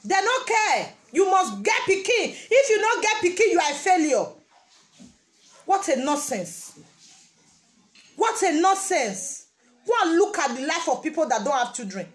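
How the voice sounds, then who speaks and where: A woman's voice: very high voice, big pitch swings, a little slow. A woman with a Nigerian Pidgin English accent giving a casual motivational talk, repeating her phrases for emphasis. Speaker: vlogger.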